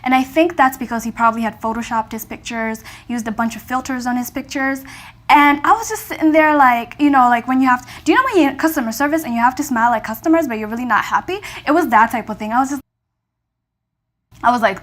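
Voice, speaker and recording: A young woman from Kenya telling a storytime vlog in a lively, slangy way, acting out her reactions in dialogue. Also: sits high, quick pace. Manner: animated, acts out her own reactions in dialogue, slangy asides. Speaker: vlogger.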